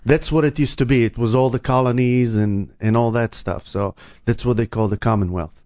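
A man's voice: mid-range voice, fairly even intonation, fairly quick, a little mellow. A man co-hosting a morning radio show, chatting casually with plenty of stops and fillers. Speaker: radio co-host. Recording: dull lo-fi radio sound.

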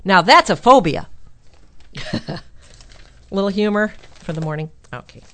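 A woman hosting a radio call-in advice show, chatty and animated, laughing at her own jokes. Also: mid-range voice, measured pace. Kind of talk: casual call-in advice talk.

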